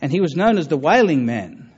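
A man giving a public talk on religion and taking audience questions, earnest and halting, with many fillers and restarts. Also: on the high side, very animated, darkish tone, breathy edge, muffled recording. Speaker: lecturer on religion.

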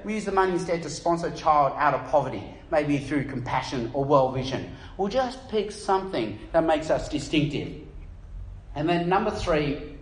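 A middle-aged Australian man preaching a sermon, telling stories with lively acted-out voices. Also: fairly high pitch. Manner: animated storytelling, acts out voices in anecdotes. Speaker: pastor. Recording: echoey room.

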